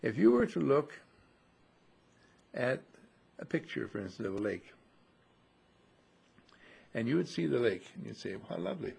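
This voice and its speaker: A man giving a slow, musing spiritual teaching to a group, repeating and correcting himself and acting out his listeners' voices. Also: medium pitch, sing-song, vocal fry, a little mellow, slightly rough. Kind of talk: metaphysical teaching talk to a group.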